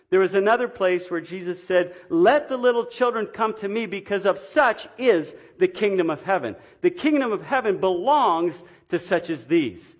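A middle-aged man giving a sermon, telling a personal story earnestly and swinging between emphatic and hushed delivery. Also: fairly high pitch. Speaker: pastor.

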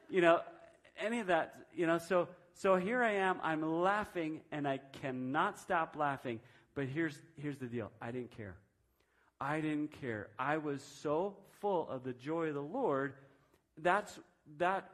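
Fifties man telling a sermon story, higher voice. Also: fairly bright tone. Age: 50s. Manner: conversational storytelling with frequent restarts; self-described reserved personality. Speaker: preacher. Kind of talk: sermon testimony.

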